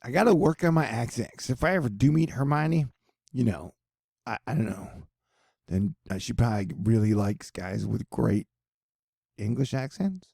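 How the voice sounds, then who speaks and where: A man's voice: medium pitch, normal speed, creaky, a little mellow, husky, no room sound, studio quality. A man hosting a weather and news video in casual, joking, rambling commentary full of asides.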